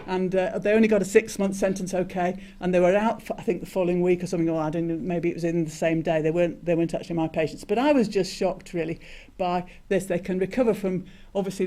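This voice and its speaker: An older man, a retired doctor, giving a conference talk and telling a story, halting with many restarts and fillers. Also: high voice, mellow. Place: conference hall.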